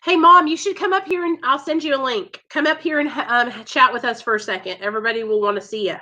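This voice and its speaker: A woman's voice: high voice, quick pace, sharp tone. A woman hosting a live stream, talking earnestly and emotionally to her viewers over a video call. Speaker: live show host in recovery.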